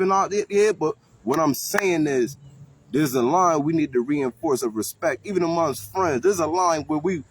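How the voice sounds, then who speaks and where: A man hosting street interviews, talking casually and animatedly in slang to people passing by outdoors. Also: high voice. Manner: animated, slangy, talks to passersby. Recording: faint street noise outdoors.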